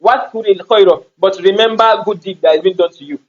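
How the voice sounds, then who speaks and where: A man's voice: sits high, a little fast, lo-fi sound. A man teaching an Arabic grammar class, explaining step by step, repeating himself and asking rhetorical questions.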